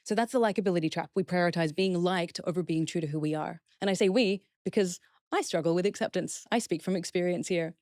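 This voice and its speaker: A woman's voice: fairly low pitch, fast talker, a little mellow, no echo, clean studio sound. A woman speaking as a guest expert in a podcast interview, explaining steps earnestly and acting out example phrases.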